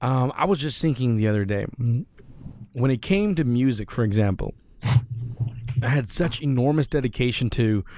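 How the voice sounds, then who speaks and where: Man, podcast talk, thoughtful measured manner, mid-range voice, dry close sound. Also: mid-range voice, expressive, warm tone, no echo. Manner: thoughtful and measured, with small restarts. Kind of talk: casual podcast conversation.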